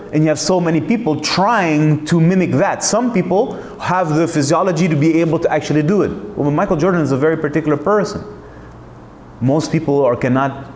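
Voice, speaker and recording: A man speaking in a fairly high voice, emphatic and searching, with rhetorical questions and frequent restarts. The room is echoey and carries a faint hum of noise behind him. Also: a little mellow. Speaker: host. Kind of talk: reflective monologue.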